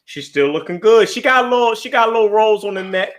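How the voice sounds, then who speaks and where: A man's voice: sits high, fast. A man co-hosting a podcast in casual, teasing banter. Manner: joking, loud, teasing. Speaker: podcast co-host.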